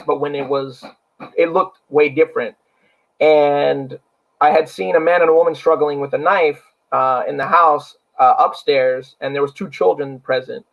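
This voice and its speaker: A man, an actor and paranormal investigator, telling a story in a casual interview in an earnest, rambling way with many fillers. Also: fairly high pitch. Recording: dull lo-fi recording.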